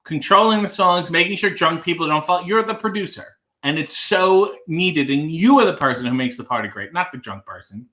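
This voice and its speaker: Brief: young male livestream host, bright and animated, wry and rambling, reading chat aloud. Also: fairly high pitch, fairly quick, hardly any pauses. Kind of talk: casual live chat reading viewer comments.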